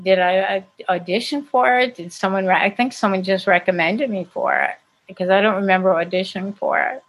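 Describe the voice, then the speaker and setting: An older American actress telling lively stories in a casual interview, laughing often. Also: female voice, medium pitch, fairly quick, poor audio. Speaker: actress and guest.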